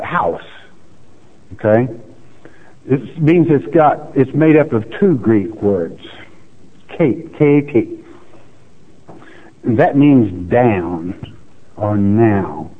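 Male preacher, unhurried delivery, joking asides, thin phone-like recording. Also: medium pitch. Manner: folksy, teasing asides. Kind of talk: verse-by-verse Bible teaching. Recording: tinny phone-like audio.

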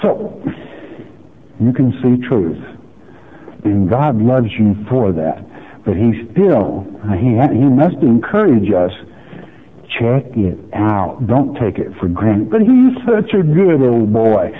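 A man's voice: fairly low pitch, animated, slow, long pauses, breathy edge. A man teaching a sermon on Bible verses in a folksy, emphatic way, often asking the listener questions. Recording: tinny phone-like radio broadcast.

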